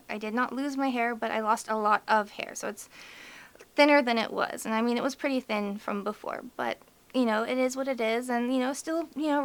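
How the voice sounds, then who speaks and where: A woman vlogger giving a candid, emotional personal update, chatty and full of "like" and "you know". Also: on the high side. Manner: emotional, fighting back tears.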